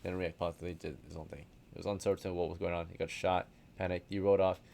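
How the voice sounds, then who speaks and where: A man's voice: deep voice, flat delivery, fast talker, gravelly, dark tone. A man running a tabletop game as game master, casual and often checking in with the players.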